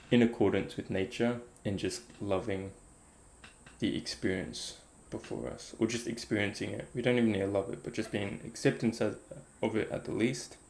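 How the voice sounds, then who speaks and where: A man's voice: fairly low pitch, darkish tone. A man thinking aloud in a casual, reflective talk about meditation, rambling with many fillers. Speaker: meditation vlogger.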